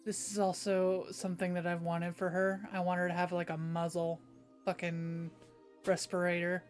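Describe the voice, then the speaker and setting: Woman player, casual and offhand, mid pitch, light music underneath. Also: little pitch movement, normal speed, darkish tone. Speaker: tabletop game player. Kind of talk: casual tabletop game chat.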